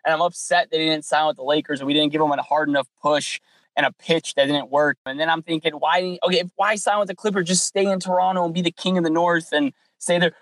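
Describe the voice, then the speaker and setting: A man with a fairly high voice chats on a sports podcast, retelling what happened with lively energy. He acts out every exchange as he goes. The sound is dry and close, with no room around it. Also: quick pace, no room sound, poor audio. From California. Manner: animated storyteller, acts out dialogue. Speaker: podcast co-host. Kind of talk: casual sports podcast chat.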